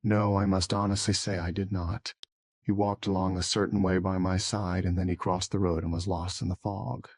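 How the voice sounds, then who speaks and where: A fussy, old-fashioned elderly witness with a quavering voice, as a male narrator puts him on. The tone sits low and a little husky. The reading is close and dry. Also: little pitch movement, normal speed, no echo. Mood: earnest.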